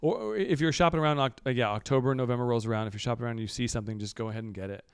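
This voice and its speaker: Smooth-voiced rambling podcast co-host. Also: male voice, mid-range voice, very fast, no room sound. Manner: rambling, loose, full of restarts. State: out of breath. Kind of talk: casual podcast chat.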